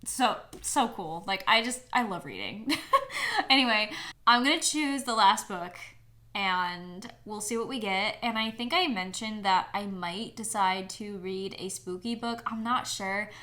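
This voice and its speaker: A woman's voice: mid-range voice, unhurried, pushed and bright. A young woman chatting casually and emotionally in her reading vlog, with lots of fillers. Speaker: book vlogger.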